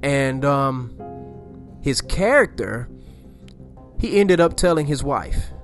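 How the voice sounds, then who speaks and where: A man's voice: medium pitch, lively intonation, slow pace. Man casually retelling a scary scene, faint music behind. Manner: rambling, repeats himself, slangy asides. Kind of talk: casual storytelling.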